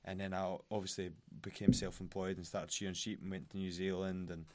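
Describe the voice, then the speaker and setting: The recording is very noisy as a young Scottish man, appearing as a guest fighter, chats on a podcast. His voice is low and flat, his pace brisk, and he laughs often while telling stories and imitating the voices of others.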